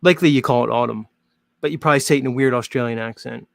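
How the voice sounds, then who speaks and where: A man hosts his show in a casual, joking monologue, wandering from thought to thought with plenty of fillers. His voice has a gravelly, fry-tinged texture. The sound is dry and close, with no room echo. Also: mid-range voice, rapid-fire. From Northern Hemisphere. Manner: chatty, rambling, jokey, many "like" fillers. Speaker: host.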